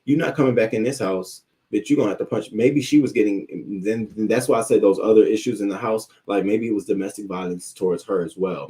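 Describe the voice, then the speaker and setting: Low, dark-voiced man ranting profanely. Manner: heated, profane ranting with many restarts. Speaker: livestream news commentary host. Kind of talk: unscripted commentary while reading live chat.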